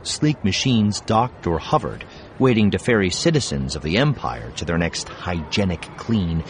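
A man narrating a science fiction audiobook in a measured, expressive reading. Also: sits low, a little hiss or hum. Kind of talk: scripted narration.

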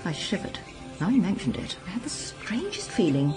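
A woman reads a first-person story aloud with a crisp, wry delivery. Her pitch moves in a lively way, and soft music plays underneath. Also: moderate pace, poor audio. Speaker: audiobook narrator. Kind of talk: scripted first-person narration.

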